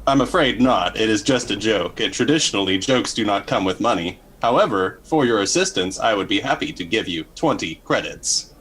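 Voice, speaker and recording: A man playing a friendly android who speaks stiffly and formally, with a husky voice. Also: on the low side, animated, normal speed, fairly bright tone, poor audio. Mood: earnest. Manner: stiff, overly formal speech. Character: cheerful, formal male android.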